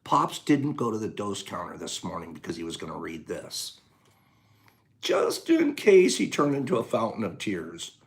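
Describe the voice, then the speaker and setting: A man hosting a casual livestream, chatting playfully with viewers and reading their comments aloud, dropping to hushed whispers at times and breaking into loud laughter at others. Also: fairly low pitch, huge pitch swings, moderate pace, creaky. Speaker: livestream host.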